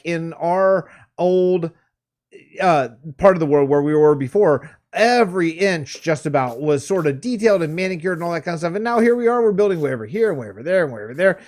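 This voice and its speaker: Game host, male, a bit high-voiced, relaxed rambling commentary, thinks aloud while building. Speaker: let's play host. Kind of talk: casual gameplay commentary.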